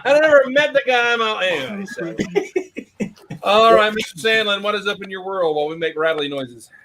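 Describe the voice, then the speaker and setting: A man's voice: high voice, normal speed, noisy background. A man hosting a casual video chat who rambles through stories and laughs often. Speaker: host.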